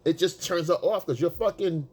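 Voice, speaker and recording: A man's voice: on the high side, normal speed, slightly rough. A man talking as a dating coach, casual and profane, repeating himself for emphasis. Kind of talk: casual coaching talk to the camera.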